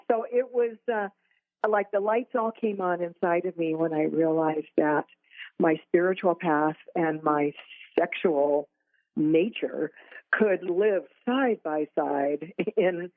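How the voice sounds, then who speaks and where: A woman's voice: on the low side, dry recording. A woman guest on a talk radio interview, telling her story with fillers and light laughs. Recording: tinny call line.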